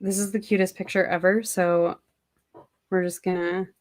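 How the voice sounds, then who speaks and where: A woman's voice: on the low side, flat delivery, normal speed. A young woman chatting casually with her viewers on a livestream from home, rambling and talking to them by name. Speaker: livestream host.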